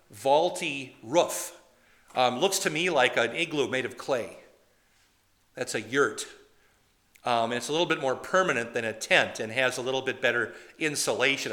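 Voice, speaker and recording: A male preacher with a bright, forceful tone, talking through a sermon in a loose, conversational way. He wanders off on side points and keeps turning to the congregation with questions. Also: medium pitch. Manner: chatty and digressive, quizzing the congregation.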